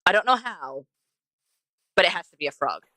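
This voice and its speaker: A woman's voice: fairly low pitch, big pitch swings, normal speed, pushed and bright, no room sound. A young woman streaming a game, chatting to herself and to the animals she passes as she plays. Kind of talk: casual gameplay commentary.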